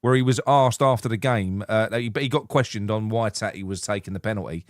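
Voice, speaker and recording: A man from England co-hosting a casual football podcast, animated and swearing freely, reading out viewer comments. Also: fairly low pitch, a little fast, no room sound, clean studio sound. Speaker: podcast co-host.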